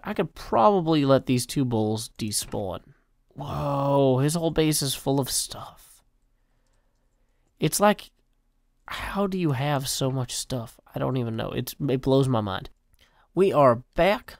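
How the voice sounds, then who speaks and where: A man's voice: medium pitch, expressive, a little slow, no echo, studio quality. A man in his forties giving casual, rambling, self-mocking gameplay commentary. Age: 40s. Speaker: game video host.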